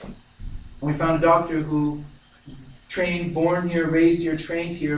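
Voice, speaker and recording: A young man giving an earnest, emotional narrative speech, telling a personal story. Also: medium pitch. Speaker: student speaker. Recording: echoey room, mic far off, faint noise.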